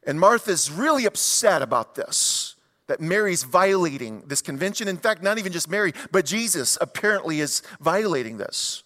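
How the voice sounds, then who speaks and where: Give me a male pastor delivering an animated sermon to his congregation, with a slightly high voice. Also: moderate pace, big-room sound. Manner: animated storytelling with rhetorical questions to the congregation.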